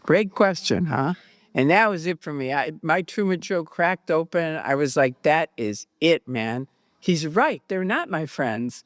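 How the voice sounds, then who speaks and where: Animated woman telling her own story. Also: deep voice, unhurried, no echo. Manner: animated, acts out quoted dialogue. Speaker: guest recounting her experiences. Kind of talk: personal storytelling.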